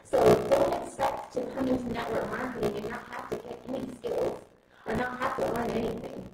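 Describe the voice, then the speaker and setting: Low gravelly woman coaching a crowd, lively up and down, far off in a big echoey room, loud noise. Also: brisk, loud music behind the voice. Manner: energetic, coaching, gives group exercise commands. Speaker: network marketing trainer. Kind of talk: motivational training talk to a live group.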